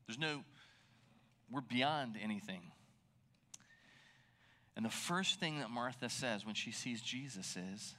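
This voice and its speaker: A man preaching a sermon in a conversational, animated way, sometimes dropping to a near whisper for emphasis. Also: medium pitch, unhurried, pauses often. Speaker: pastor.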